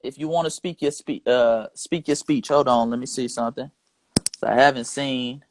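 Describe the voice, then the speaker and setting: A man's voice: medium pitch, steady tone, normal speed, no echo. A man hosting a live stream, talking in an emphatic, repetitive and rhetorical way. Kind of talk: casual live stream talk.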